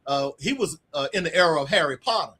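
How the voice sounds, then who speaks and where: A man's voice: fairly high pitch, fast, slight background noise. A middle-aged man, an author being interviewed, telling stories in a casual way and acting out the dialogue. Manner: animated storyteller acting out quoted dialogue. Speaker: author guest.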